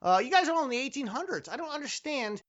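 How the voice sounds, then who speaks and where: Animated movie-podcast host who rambles and ribs their own jokes, on muffled audio. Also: high voice, quick pace. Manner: animated, rambling and self-mocking. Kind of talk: casual film-review banter.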